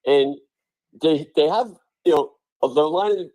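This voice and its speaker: A man co-hosting a casual sports podcast, talking through stats in a chatty, analytical way. His voice is mellow and dark. The sound is dry and close. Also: fairly high pitch, takes it slowly, no echo, rough recording. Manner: chatty, analytical, uses fillers. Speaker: podcast co-host.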